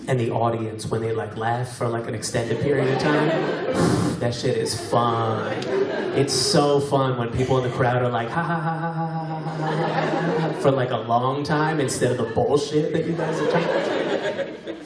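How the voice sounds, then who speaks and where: A young man doing stand-up crowd work, chatting and laughing with the audience. His voice echoes through a big venue, picked up from a distance, with loud crowd laughter rolling underneath. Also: mid-range voice, fairly even intonation, normal speed. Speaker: stand-up comedian. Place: large venue with live audience.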